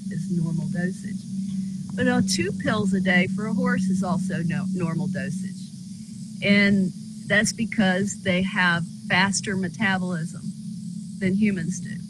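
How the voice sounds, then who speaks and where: A guest giving a measured, explanatory account of how they worked things out through trial and error. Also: medium pitch, very noisy. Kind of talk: casual explanation.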